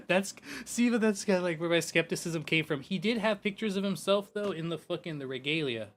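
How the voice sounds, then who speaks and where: A man streaming a game, chatting casually and loosely, swearing and filling every pause with "like" and "you know". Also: high voice, expressive, soft background music. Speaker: gaming streamer. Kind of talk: casual rambling chat.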